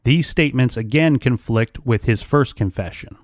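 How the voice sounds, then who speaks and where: A man co-hosting a true crime podcast, recounting case details at a quick clip with dry asides. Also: mid-range voice, darkish tone, no room sound. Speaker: podcast co-host.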